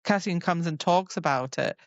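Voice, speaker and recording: This woman co-hosts a laid-back book-club podcast and chats about a novel, retelling scenes with plenty of "like" thrown in. Her voice sits on the low side at a normal speed. There's no echo, though the sound is dull and lo-fi.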